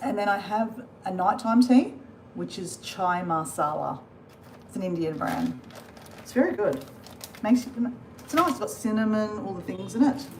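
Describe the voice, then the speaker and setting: A woman's voice: medium pitch, sing-song, moderate pace, darkish tone, slight background noise. A woman chatting casually to camera in a hotel room, rambling and calling her viewers guys. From Australia. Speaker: travel vlogger. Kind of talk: casual vlog chat to camera.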